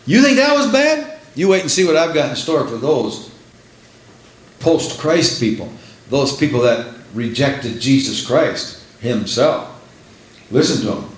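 A man's voice: medium pitch, measured pace. Emphatic preacher man in a roomy space. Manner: emphatic, repeats phrases for effect. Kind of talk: sermon. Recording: roomy echo.

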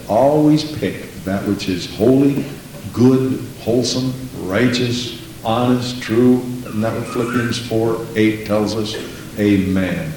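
A man's voice: fairly low pitch, slow pace, darkish tone, roomy sound, slight background noise, poor audio. A man teaching a Sunday school lesson in church, exhorting and repeating his phrases in a sermon style. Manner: exhorting, repeats phrases, says "Praise the Lord".

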